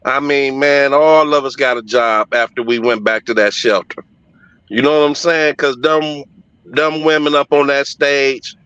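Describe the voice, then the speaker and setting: A man's voice: a little high, bright, forceful tone, clean tone, no room sound. A middle-aged man telling a story in casual conversation, emphatic and profane but heartfelt. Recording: dull lo-fi audio, dry.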